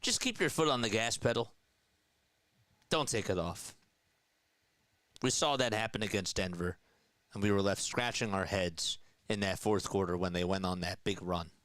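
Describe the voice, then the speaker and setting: Speaking at normal speed with frequent pauses, the young man's voice sits on the low side with a fairly bright tone; the recording is rough, with no echo. He does casual radio-style basketball play-by-play, chatting with viewers and reading their comments aloud between plays.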